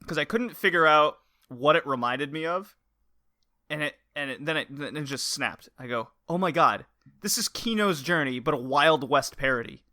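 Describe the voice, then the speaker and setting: A man's voice: a little high, lively intonation, moderate pace, sharp tone, no room sound, clean studio sound. A man co-hosting a podcast, chatting casually and repeating words as he gropes for them. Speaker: podcast co-host. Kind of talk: casual chat.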